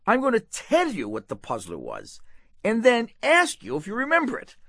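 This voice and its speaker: A male co-host of a call-in radio show trades jokes with his partner and callers. His voice sits high and swings widely in pitch. He laughs often and keeps everything teasing. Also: huge pitch swings, moderate pace, sharp tone, dry recording. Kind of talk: joking radio banter.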